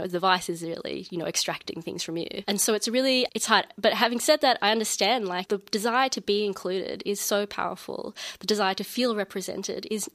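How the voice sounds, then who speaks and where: A woman's voice: mid-range voice, a bit bright, no echo. A woman researcher talking thoughtfully as a podcast guest, often hedging with "you know" and "like".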